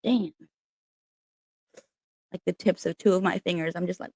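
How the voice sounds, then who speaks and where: A woman with a lowish voice talks in a loose, candid livestream chat, cursing freely and rambling between stories. The sound is dry and close, with no room echo, as she speaks from home. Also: fairly even intonation, normal speed, pauses often, mellow. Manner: candid, chatty and profane, with frequent laughs. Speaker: spiritual reader and channel host.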